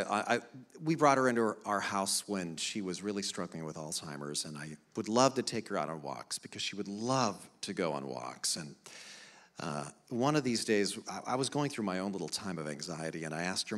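Animated man preaching a sermon. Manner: animated storytelling, soft low stretches rising to loud emphatic appeals. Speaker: pastor.

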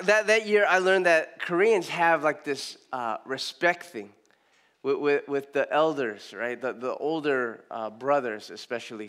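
A man from Southern California delivers a story-driven sermon to a congregation in a voice that sits high for a man. He talks in an animated way, acts out the voices of the people in his stories and often restarts his sentences mid-thought. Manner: animated, acts out quoted speech, frequent restarts. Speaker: preacher. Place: in front of a live congregation.

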